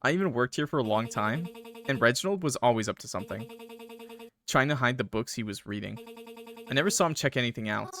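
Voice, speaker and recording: A man's voice: mid-range voice, fairly bright tone. A man reading game dialogue aloud, voicing a guarded, serious young woman who gives blunt warnings.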